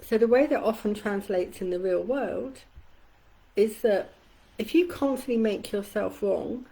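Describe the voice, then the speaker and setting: Candid, mellow-voiced woman coach. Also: slightly rough, poor audio. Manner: candid and conversational, swears casually; acts out quoted voices with shifts in pitch and loudness. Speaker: community coach. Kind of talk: casual live-stream talk.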